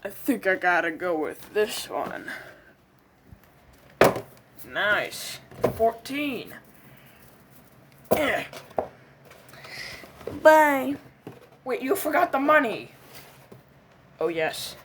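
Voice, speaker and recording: A woman performing a comedic skit, voicing quarrelling characters with cursing, yelps and shouting outbursts. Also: medium pitch, big pitch swings, drawn-out words, long pauses, heavy background noise.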